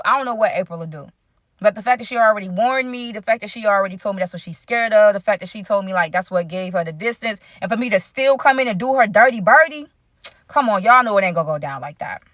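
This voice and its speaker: A woman's voice: medium pitch, fairly bright tone, dry recording, studio quality. Chatty young woman telling a storytime. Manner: chatty, keeps addressing viewers directly. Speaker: vlogger. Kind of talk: storytime vlog.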